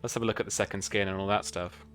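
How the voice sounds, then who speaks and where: A man's voice: fairly low pitch, fairly even intonation, racing, fairly bright tone, smooth, faint music behind. A man narrating a tabletop game as game master, describing scenes loosely with many fillers.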